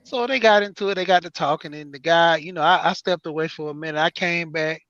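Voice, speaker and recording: A man with a high voice tells stories on an online panel, laughing often and mimicking the people he quotes. The sound is dry, dull and lo-fi, like a voice-chat recording. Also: fast, fairly bright tone, no echo. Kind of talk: casual storytelling chat.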